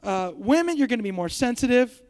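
High-voiced young man preaching to youth. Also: lively intonation, a little fast, darkish tone. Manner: joking, chatty, self-deprecating. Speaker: youth speaker. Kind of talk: youth sermon. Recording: hall reverb.

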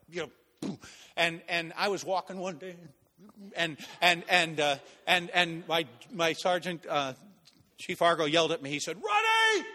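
A man preaches in a large hall, his high, bright voice ringing with a long echo. He tells stories in a lively way, acting out other people's voices as he goes. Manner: animated, acts out voices and laughs at own stories. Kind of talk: sermon with storytelling.

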